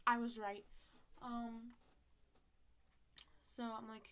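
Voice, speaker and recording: A woman's voice: a little high, little pitch movement, takes it slowly, long pauses, pushed and bright. Chatty teen girl telling a story. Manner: chatty, acts out text messages with lots of fillers. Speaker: storytime vlogger. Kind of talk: casual storytelling.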